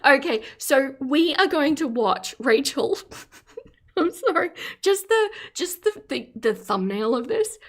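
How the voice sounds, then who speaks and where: A woman hosting a live stream, with a fairly high voice, chatting casually and breaking into giggles. She greets her chat and teases what's on screen playfully. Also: animated, slow pace, fairly bright tone. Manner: giggly, laughs often, reads chat aloud; playful teasing commentary.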